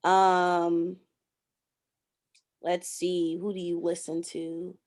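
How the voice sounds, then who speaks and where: A woman's voice: lowish voice, level tone, very slow, darkish tone. A woman coaching a student on podcast intros, explaining patiently and acting out playful sample openings. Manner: encouraging, explains with playful acted examples. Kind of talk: coaching, giving example intros.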